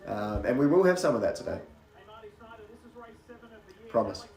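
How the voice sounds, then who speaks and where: A man from New Zealand gives chatty live race commentary packed with rambling asides, his faint accent mostly anglicized toward British. His voice is on the low side, gravelly and darkish, with big pitch swings and an unhurried pace, in a reverberant setting.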